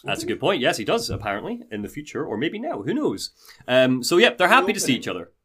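A male podcast host recapping a game story in an animated, jokey way. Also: mid-range voice, quick pace, slightly rough.

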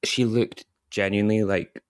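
A lower-voiced British man chatting on a podcast, spinning a rambling, animated anecdote. He talks casually, leans on "like" constantly and breaks into voices for the people in his story. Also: moderate pace, smooth. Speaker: podcast co-host. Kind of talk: casual chat.

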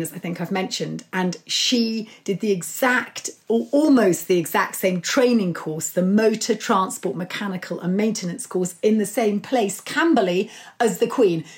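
A middle-aged woman talks as an interview guest, warm with enthusiasm and animated as she tells her stories. She speaks at an ordinary pitch. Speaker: author and guest. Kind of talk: conversational interview.

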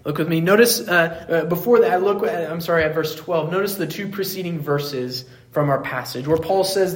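A man preaching a sermon as pastor, earnest, climbing to emphatic peaks and then falling soft, often restarting words as he goes. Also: on the high side, normal speed, hardly any pauses, poor audio. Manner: repeats words while restarting.

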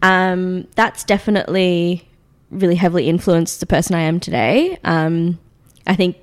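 A woman's voice: on the low side, moderate pace. A woman in her late twenties with an Australian accent, chatting as an interview guest, with frequent ums and light laughter. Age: 20s. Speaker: guest, food magazine founder. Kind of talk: casual interview.

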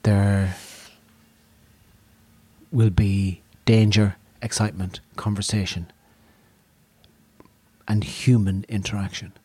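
A man voicing a grand, mysterious male wizard who promises adventure, speaking slowly and deliberately. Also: lowish voice, little pitch movement, darkish tone, husky, dry recording. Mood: solemn. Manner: slow, solemn and deliberate. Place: pub.

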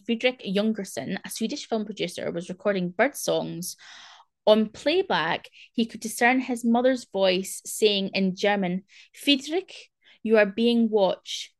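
A woman's voice: mid-range voice, moderate pace, fairly bright tone. Chatty young woman host. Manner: chatty, rambling, lots of fillers. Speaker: podcast host. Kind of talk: casual chat.

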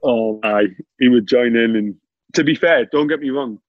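A man's voice: medium pitch, moderate pace, dry recording, dull audio. A man, a former footballer telling laughing anecdotes in casual chat. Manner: laughing, animated anecdotes with lots of "mate".

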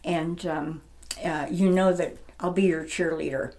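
A woman's voice: deep voice, fairly even intonation, measured pace, a little mellow. An older woman in her seventies, reminiscing about her stage roles in a casual interview, chatty and often laughing. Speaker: interviewee, retired stage actress.

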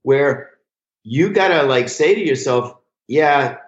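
An older man, a comedy writer as a podcast guest, telling show-business stories in a lively, profane, casual way. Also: medium pitch, normal speed. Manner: animated anecdotal storyteller, swears freely. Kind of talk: casual storytelling interview. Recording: roomy, dull lo-fi sound.

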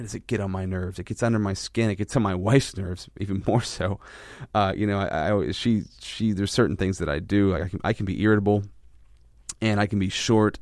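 A man's voice: lowish voice, no room sound, clean studio sound. A man hosting a podcast, talking candidly and self-reflectively about his own frustrations, with a rambling delivery full of restarts. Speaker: podcast host. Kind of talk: candid personal monologue.

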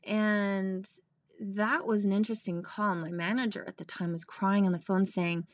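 A woman actress telling stories as a podcast guest, animated and laughing, acting out the voices of people she quotes. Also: mid-range voice, normal speed, no room sound, studio quality. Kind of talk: casual storytelling interview.

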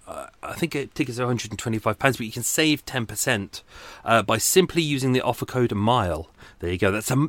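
A man's voice: mid-range voice, fairly bright tone, no room sound. A man hosting his own podcast, chatting loosely with lots of fillers, casual swearing and self-deprecating asides, flagging in the heat. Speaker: true crime podcast host. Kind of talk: casual solo podcast monologue.

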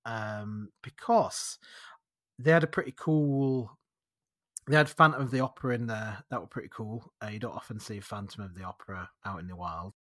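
A man's voice: fairly low pitch, normal speed, a bit bright, dry recording, clean studio sound. A man with a Northern English accent, chatting casually about a trip, rambling and laughing easily. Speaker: podcast guest. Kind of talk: casual chat.

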